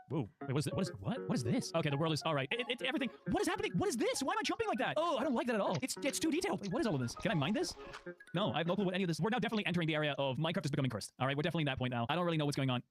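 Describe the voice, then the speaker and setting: A man giving excitable gameplay commentary, exclaiming and laughing often. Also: high voice, very fast. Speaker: gaming video creator. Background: background music.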